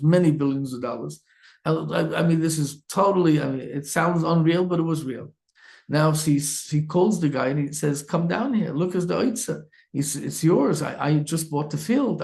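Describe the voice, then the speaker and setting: A man's voice: fairly high pitch, gravelly. A man, a rabbi, telling a story in a sermon and acting out its characters with many restarts. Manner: animated storyteller, acts out characters, frequent restarts. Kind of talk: Torah talk, storytelling sermon.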